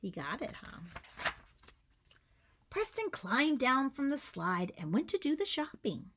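A woman teacher reading a picture book aloud to children, animated, coaxing them to join in and dipping into whispers for suspense. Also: high-pitched, slow, a little hiss or hum. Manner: coaxes listeners to join in.

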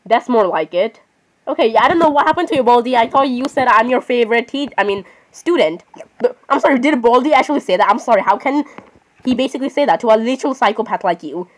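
Woman narrating her game, rambly and apologetic, bit of a higher voice, argues with herself. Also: expressive, fast. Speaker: gaming channel host. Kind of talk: gameplay commentary.

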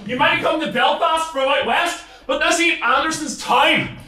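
A man with a Northern Irish accent, performing battle rap and shouting taunting lines with bursts of laughter. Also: very high-pitched, normal speed, faint music behind. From Northern Ireland. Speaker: battle rapper. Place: large hall with a live crowd. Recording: echoey hall, distant mic, loud crowd.

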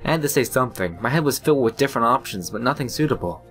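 A man hosting a let's play, reading a visual novel's narration aloud in a brisk, plain storytelling read. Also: mid-range voice, animated, fairly bright tone, soft background music.

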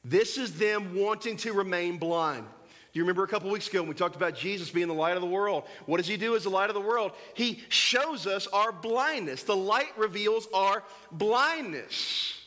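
A man preaching a sermon as pastor, animated and joking, acting out little scenes for his congregation in a church. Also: high-pitched, normal speed. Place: church sanctuary.

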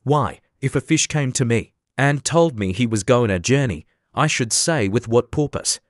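Sleepy touchy Mock Turtle creature, read by a man, slow and thoughtful, storybook, dry close sound. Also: mid-range voice, animated, no echo, close to an everyday voice.

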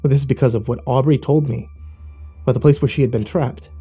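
A man reads a first-person horror story with dramatic, scripted delivery. His voice is dark and mellow, sitting in a middle pitch. Faint music plays underneath. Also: fairly even intonation, fast talker, husky.

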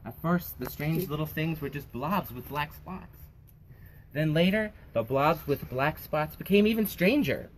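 Animated middle-aged man reading a storybook. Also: on the high side, unhurried, a little hiss or hum. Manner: animated, sing-song, kid-friendly. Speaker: library story time host. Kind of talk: reading a picture book aloud to children.

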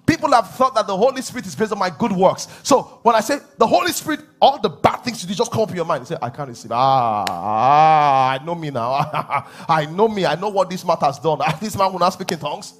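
A man preaching a sermon as pastor, animated, laughing and acting out voices. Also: sits high, brisk, few pauses, soft background music. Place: church hall.

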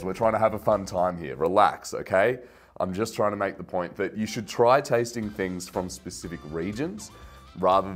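Young aussie guy ranting about wine to camera, kinda low voice, gets all worked up, faint music behind. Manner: rambling, self-mocking, gets worked up. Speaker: wine channel host. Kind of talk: casual rant to camera.

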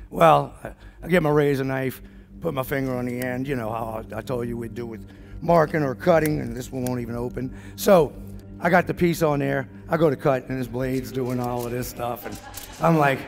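A man speaking at a business summit, telling a story to the audience in an animated way and acting out what everyone in it said. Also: mid-range voice, brisk, gravelly, soft background music. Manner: animated, acts out the dialogue of the people in his story.

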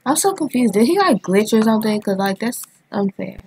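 Chatty gamer girl talking over her game, kinda high and breathy, soft game music behind. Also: brisk. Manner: excitable, chatty, thinks aloud while playing. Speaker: gaming channel host. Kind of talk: casual gameplay commentary.

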